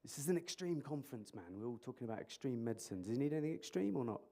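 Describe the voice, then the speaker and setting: Speaking rapid-fire at medium pitch with a creaky texture, this man is an emergency clinician at a conference. Through a microphone in the hall, he jokes animatedly and tests the audience with questions in an interactive talk.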